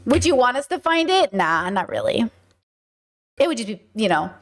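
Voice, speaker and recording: A woman streaming live, talking casually to her viewers in an animated, sarcastic way. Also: on the high side, moderate pace, long pauses. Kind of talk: casual livestream chat.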